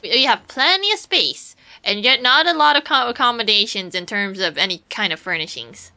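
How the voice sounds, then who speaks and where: A woman's voice: fairly high pitch, lively intonation, normal speed, sharp tone. A woman streamer giving casual gameplay commentary, rambling playfully to her viewers and swearing now and then.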